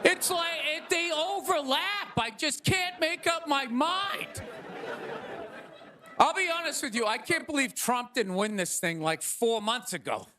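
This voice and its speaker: A man performing stand-up comedy on a club stage, ranting in an incredulous, animated way. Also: extremely high pitch, unhurried. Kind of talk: stand-up set. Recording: live club mic, crowd laughter.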